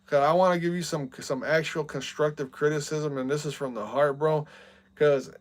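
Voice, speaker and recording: A man's voice: on the high side, steady tone, moderate pace. Fired-up young male streamer. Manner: heated, repeats "bro" and "man" a lot. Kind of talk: casual chat.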